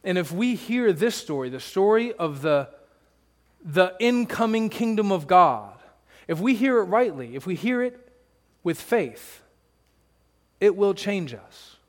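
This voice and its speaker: A man's voice: high-pitched, very animated, measured pace, big-room sound. A man pastor preaching a sermon, conversational and emphatic, with rhetorical questions to the congregation.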